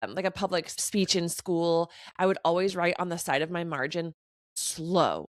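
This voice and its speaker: A woman co-hosting a podcast in casual chat, chatty and encouraging with quick affirmations. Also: lowish voice, steady tone, dry recording, studio quality. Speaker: podcast co-host.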